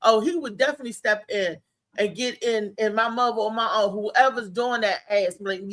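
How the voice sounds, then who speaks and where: Bright-voiced woman telling lively stories. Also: mid-range voice, normal speed. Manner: animated storytelling, laughs often. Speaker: talk show host. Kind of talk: casual chat.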